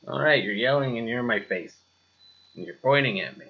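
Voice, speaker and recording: A man's voice: mid-range voice, fairly quick, a bit bright, husky, muffled recording. A man teaching a spoken lesson, talking straight to the listener with rhetorical questions and a touch of sarcasm. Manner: mildly sarcastic asides. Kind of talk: spoken lesson over slides.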